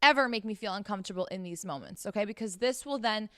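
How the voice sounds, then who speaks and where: Young woman ranting brash advice, mid pitch, crisp voice, lots of swearing. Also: quick pace, bright, forceful tone, dry recording, studio quality. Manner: profane, brash and emphatic. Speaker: podcast host giving sex advice. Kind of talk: blunt advice monologue.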